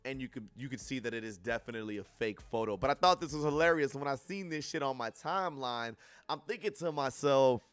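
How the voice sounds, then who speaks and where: A young man hosting a livestream, reacting to news with profane, animated commentary and frequent laughs. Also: mid-range voice, a little fast, clean tone, no echo. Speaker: livestream host. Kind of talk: casual commentary on news clips.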